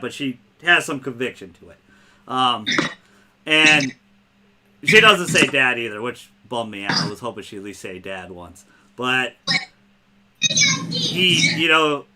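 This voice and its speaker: A man hosting a casual podcast, talking excitedly, swearing freely and retelling scenes by quoting lines. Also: on the high side, noisy background. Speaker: podcast host.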